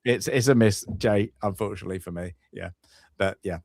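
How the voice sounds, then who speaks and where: Male podcast co-host, animated and exasperated, halting delivery full of restarts, dry recording. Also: fairly low pitch, creaky, no room sound. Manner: halting, restarts and repeats words while ranting. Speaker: film review podcast co-host. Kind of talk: casual chat.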